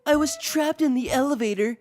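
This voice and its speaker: A woman's voice: sits high, brisk, a little mellow, soft background music, voice pushed up, close to an everyday voice. A woman voicing a flustered, lying, entitled woman caller who stammers defensively and whines. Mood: pleading.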